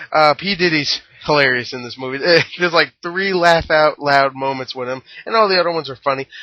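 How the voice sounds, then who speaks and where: A man's voice: fairly high pitch, no echo. A young man giving a casual movie review, rambling with jokey, crude asides and lots of fillers. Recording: dry, dull lo-fi home recording.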